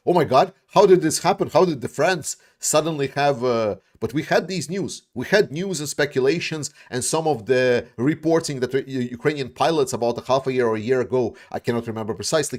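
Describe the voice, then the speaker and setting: A man giving casual commentary and answering viewer questions, speaking bluntly with many restarts, fillers and some swearing. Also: medium pitch. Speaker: YouTube war commentator.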